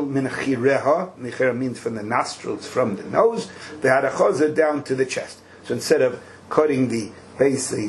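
A man's voice: mid-range voice, a little mellow, a little hiss or hum, poor audio. A man leading a text study lesson, explaining with rhetorical questions and joking asides. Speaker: teacher leading a study class.

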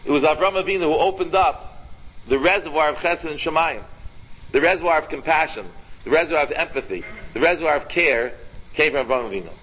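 A man teaching an informal Torah class, animated and repetitive, quizzing his students by name. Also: a little high, fast, husky, dull audio.

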